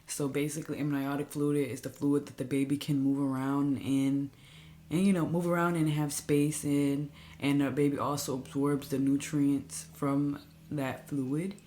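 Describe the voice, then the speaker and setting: A woman's voice: very deep voice, dark tone, slight background noise. A young woman vlogger telling her own story in a candid, chatty way, sometimes dropping to a near-whisper. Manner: chatty and candid, drops to a near-whisper when reliving stress. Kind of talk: casual personal storytelling to camera.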